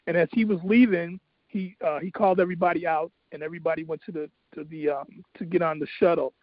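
A man's voice: on the high side, steady tone, fast, no echo. A man hosting a talk radio show, telling a personal story in an earnest, faith-driven way with many fillers. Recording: dull, dry lo-fi radio sound.

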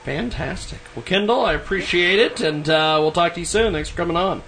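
A man hosting a podcast, upbeat and quick to laugh. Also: a little high, gravelly, fairly bright tone, a little hiss or hum. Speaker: podcast host. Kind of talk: casual podcast chat.

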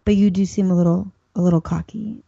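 A woman's voice: lowish voice, fairly even intonation, fast, gravelly, warm tone, husky. A woman co-hosting a podcast in casual, teasing banter who laughs easily. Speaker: podcast co-host. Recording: dull lo-fi podcast audio.

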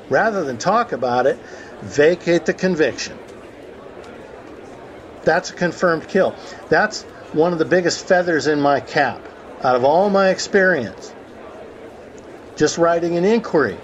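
A man's voice: a little high, lively intonation, moderate pace, highs cut off, a little hiss or hum. A man hosting a conference call, telling a courtroom story in a conversational way and acting out the quotes. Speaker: host of a call about the law.

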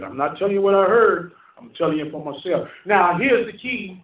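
In a church sanctuary, a male pastor preaches a fervent sermon in a high-pitched, animated voice at a moderate pace. He's emphatic and trades call-and-response with the congregation, though the echoey hall, distant mic and dull sound blur the recording.

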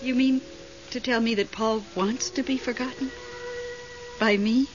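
An actress playing a nervous, devoted middle-aged widow in a 1970s radio drama, fretful and excitable. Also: female voice, fairly high pitch, measured pace, over music, natural voice. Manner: fretful, excitable, talks on the phone. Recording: dull vintage radio broadcast, faint hiss.

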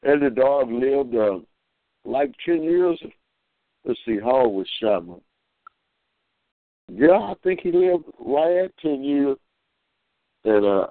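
A man's voice: fairly low pitch, no room sound. A man who ministers, telling folksy stories and preaching in a rambling way, repeating phrases and acting out voices. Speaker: minister calling in. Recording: tinny dry phone line.

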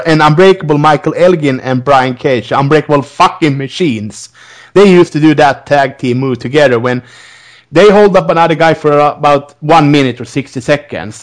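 A man co-hosting a podcast, excitedly chatting about wrestling moves and swearing freely. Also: on the high side. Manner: excitable, profane, lively. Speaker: podcast co-host. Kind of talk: casual wrestling chat.

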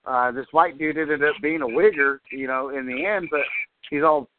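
A man telling a crude anecdote in casual talk, animated and profane. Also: on the high side, moderate pace, slight background noise. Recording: tinny phone-like line.

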